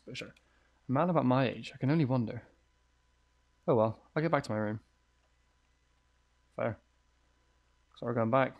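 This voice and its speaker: A man's voice: medium pitch, moderate pace, vocal fry, long pauses. A man giving let's play commentary on a horror game, jumpy and thinking aloud, swearing often. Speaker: gamer playing a horror game.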